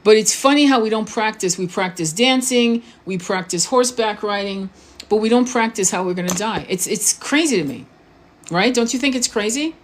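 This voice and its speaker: A woman's voice: mid-range voice, expressive, normal speed. Blunt, swearing woman spiritual coach. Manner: informal and blunt, swears freely, restarts words; asks the viewer questions often. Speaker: spiritual coach and tarot reader. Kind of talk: casual live-stream monologue.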